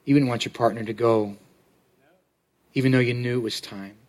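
A man preaching a sermon as pastor to his congregation, talking in a halting way and often repeating words as he tells a story. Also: medium pitch, fairly even intonation, a little mellow. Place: church sanctuary.

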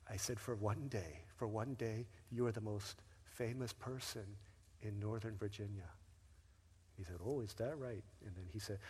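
A pastor telling a family story from the pulpit in an easygoing, conversational manner. His voice sits fairly low and has a husky edge. The sound carries a long reverb from a big church hall. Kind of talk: sermon with personal story. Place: church sanctuary.

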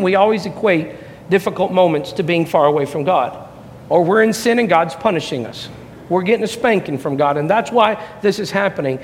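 A man preaching a sermon as a pastor, impassioned, swinging between soft reflective passages and loud rising peaks. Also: a little high, a little hiss or hum. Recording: long hall reverb, faint ambience.

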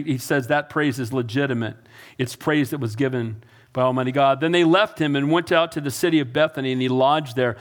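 High-voiced man preaching a sermon. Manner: emphatic, repetitive calls to the congregation. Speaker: pastor.

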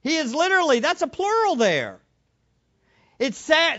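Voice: sits high, big pitch swings, a little slow, long pauses, sharp tone, highs cut off. A preacher giving a sermon in an emphatic way, repeating key phrases and asking the listeners rhetorical questions.

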